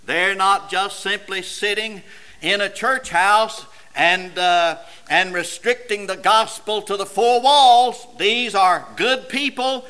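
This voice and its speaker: A man delivers a sermon in a high, bright voice, speaking slowly and deliberately. He swings from loud declaiming to low, intense passages and addresses the congregation directly. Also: clean tone, low-quality recording. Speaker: preacher.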